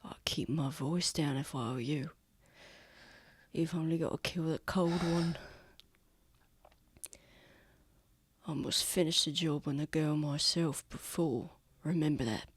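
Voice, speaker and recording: Woman playing a cold male assassin, whispered role-play, hissed threats, low and dry, tabletop game. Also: normal speed, slightly rough, no echo. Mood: menacing.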